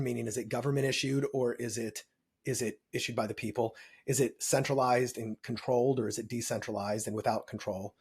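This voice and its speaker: A man, a podcast guest explaining money in lively, emphatic interview talk, often checking in with "right?". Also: medium pitch, breathy edge.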